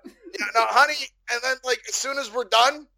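A man's voice: very high-pitched, normal speed, gravelly, bright, forceful tone. A man with a Canadian accent, a podcast guest rambling through crude jokes in casual chat. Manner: rambling, crude joking, swearing.

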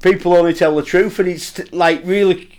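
A man's voice: sits high, fairly even intonation, a little fast, darkish tone. A man, co-hosting a casual podcast chat about a TV episode, laid-back and hesitant, often trailing off mid-sentence. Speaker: podcast co-host.

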